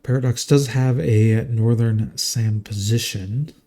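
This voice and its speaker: A man's voice: medium pitch, slow, warm tone. A man casting a strategy game live in a casual, jokey, chatty way. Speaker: game caster.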